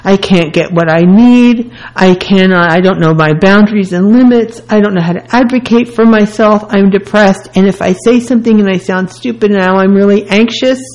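A woman's voice: medium pitch, normal speed, few pauses, a little mellow, low-quality recording. A woman hosting a self-help radio talk, speaking earnestly and candidly in short repeated phrases. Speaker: radio host.

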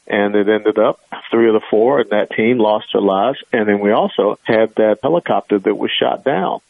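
Male radio guest, low voice, phone-line sound, dry, emphatic and argumentative. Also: moderate pace, vocal fry, no room sound. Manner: emphatic, argumentative, filler-heavy. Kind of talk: radio talk show interview.

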